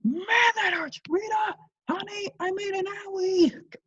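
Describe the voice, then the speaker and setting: A man voicing an excitable, goofy middle-aged father who cooks clumsily, talking eagerly and upbeat. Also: measured pace, dry recording, lo-fi sound. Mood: whiny pained. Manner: eager and upbeat, squeaky when hurt.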